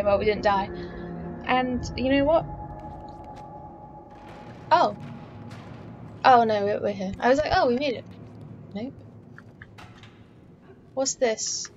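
A woman's voice: fairly high pitch, takes it slowly, long pauses, faint music behind. A woman playing through a game, talking to herself with frequent swearing and exclamations. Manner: chatty self-talk, swearing and exclaiming. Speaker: let's play gamer. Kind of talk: casual gameplay commentary. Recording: dull lo-fi mic with steady background noise.

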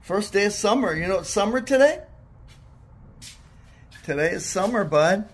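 A father in casual family vlog chat, gently coaxing and encouraging his son. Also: high-pitched, lively intonation, normal speed, husky.

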